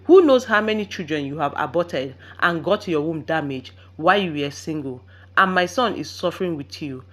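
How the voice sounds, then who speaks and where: A woman's voice: sits low, animated, moderate pace, a bit bright. A woman voicing a scheming, spiteful older mother-in-law who speaks with cold disdain in a storybook reading. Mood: scornful.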